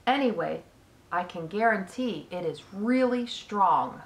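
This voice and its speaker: Lady reading as a calm old spider, slow and soft, roomy echo. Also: medium pitch. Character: wise gentle female spider, calm and tired. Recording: echoey room.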